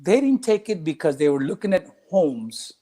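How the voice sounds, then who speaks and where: Middle-aged coach, a slightly high male voice, animated, plays out every quoted voice. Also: normal speed. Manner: animated, acts out quoted voices, mixes in Spanish phrases. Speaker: track and cross country coach. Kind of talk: casual interview storytelling.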